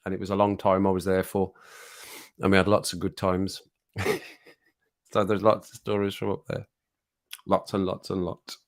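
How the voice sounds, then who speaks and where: A man's voice: sits low, completely flat delivery, moderate pace, pauses often, dry recording, clean studio sound. A man hosting a livestream, chatting casually, reading the chat aloud and laughing often. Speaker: livestream host.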